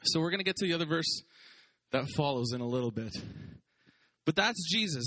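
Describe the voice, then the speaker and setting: A man preaching a sermon as pastor, lively and conversational, joking and acting out quotes. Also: medium pitch, normal speed.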